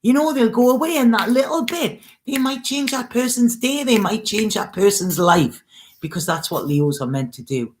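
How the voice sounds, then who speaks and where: A woman's voice: a little high, animated, moderate pace, darkish tone. A woman tarot reader giving an emotional, earnest spiritual reading, coaxing her listeners and often checking in with "okay?". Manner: earnest, coaxing, with frequent "okay?" and "you know". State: near tears, emotional. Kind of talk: spiritual reading, casual monologue.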